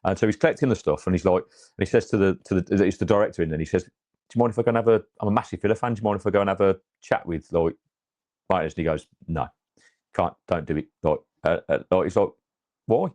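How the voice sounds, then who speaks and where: A man's voice: sits low, very fast, a little mellow, dry recording. A man from England, chatting casually about his football club in a rambling way full of restarts and fillers. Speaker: podcast co-host. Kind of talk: casual football fan chat.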